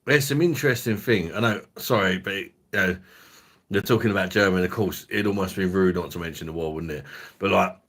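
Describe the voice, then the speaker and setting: A man's voice: deep voice, a little fast, fairly bright tone. A man hosting a casual livestream chat, rambling and swearing freely with the odd chuckle. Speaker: host.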